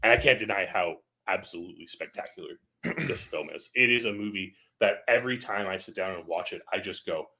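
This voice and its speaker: A man's voice: low voice, brisk, pushed and bright. A man co-hosting a casual film podcast, gushing with enthusiasm and leaning on fillers like "like.". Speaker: podcast co-host. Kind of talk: casual chat.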